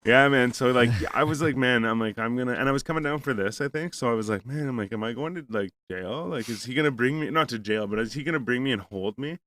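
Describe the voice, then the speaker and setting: A man's voice: mid-range voice, quick pace, hardly any pauses, fairly bright tone. A man hosting a podcast, telling a rambling, profane story in casual chat and acting out both sides of a conversation. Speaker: podcast host.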